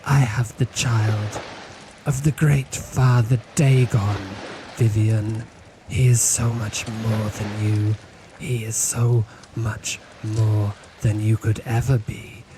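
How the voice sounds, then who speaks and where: A man voicing a mad old mother, a cold cultist matriarch who taunts her son in a slow, mocking way. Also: mid-range voice, noisy background.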